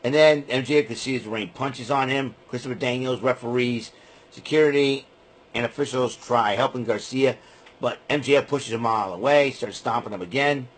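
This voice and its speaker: A man's voice: medium pitch, normal speed, husky. A man giving a rambling, casual spoken recap of a wrestling show, often breaking into name-calling rants.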